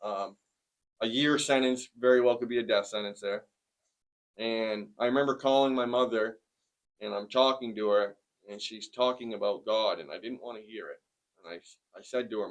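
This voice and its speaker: A man in his forties giving a personal testimony in conversation, plainspoken and earnest, with many pauses. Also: on the low side. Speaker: interviewee sharing a testimony.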